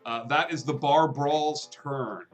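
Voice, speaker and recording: A man narrating a tabletop game as game master, relaxed and chuckling, with frequent ums and uhs. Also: on the high side, slow, faint music behind.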